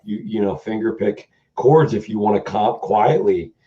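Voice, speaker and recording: A man with a lowish, dark voice hosts a casual music chat at a moderate pace. He rambles through stories and imitates the people he quotes, and the recording sounds muffled and lo-fi.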